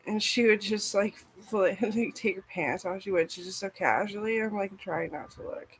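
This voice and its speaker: A woman's voice: mid-range voice, normal speed, slight background noise, rough recording. A woman vlogger chatting casually and rambling, swearing freely and filling her talk with "like". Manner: rambling, profane, frequent "like".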